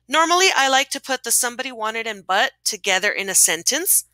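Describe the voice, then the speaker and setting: A woman teacher recording a voice-over lesson who explains steps clearly and encouragingly. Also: fairly high pitch, lively intonation, brisk, bright, forceful tone, no room sound, poor audio.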